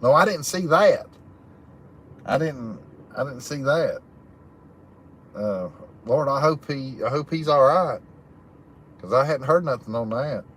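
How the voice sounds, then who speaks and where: A man's voice: mid-range voice, animated, a little slow, long pauses, a bit bright, slight background noise. A man who hosts a livestream, reading out chat and laughing often in a folksy, drawling way. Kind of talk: casual live chat. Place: camping, in a chicken hut.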